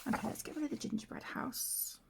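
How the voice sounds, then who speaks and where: A woman hosting a colouring vlog, soft-spoken and gushing, often dropping to a whisper, tired from broken sleep. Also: fast, very noisy. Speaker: colouring channel host. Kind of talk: casual show-and-tell vlog.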